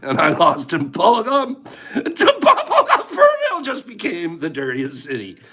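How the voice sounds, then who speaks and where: Giggly husky man with a high, lively voice. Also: moderate pace. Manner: giggly, laughing through his words. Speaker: livestream host. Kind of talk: casual livestream chat, reading viewer names.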